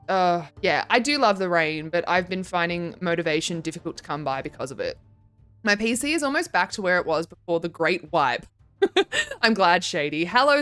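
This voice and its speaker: Casting: young woman streamer, chatty and giggly, mid-pitch, faint music underneath. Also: a bit bright, clear, resonant tone. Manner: chatty, giggly, reads chat aloud. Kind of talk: casual livestream chat. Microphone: desk microphone.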